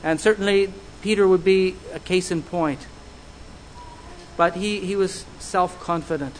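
High-voiced earnest male preacher. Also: fairly even intonation, slight background noise, poor audio. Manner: earnest, measured delivery with searching questions. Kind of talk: sermon.

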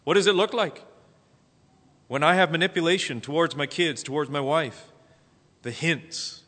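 A man preaching a sermon as pastor, animated, often acting out quotes. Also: on the high side, normal speed. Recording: long hall reverb.

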